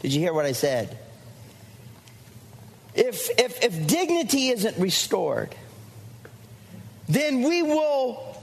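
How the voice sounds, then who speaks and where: A male pastor preaching a fervent sermon to his church, repeating lines and calling out to the congregation. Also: high-pitched. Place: church sanctuary. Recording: long church reverb.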